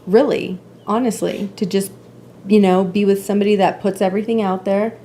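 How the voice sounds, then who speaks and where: A woman's voice: mid-range voice, fairly even intonation, brisk, dark tone, a little hiss or hum. A woman in her forties, a podcast guest, talking openly and emotionally in a casual conversation. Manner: open, emotional, candid storytelling.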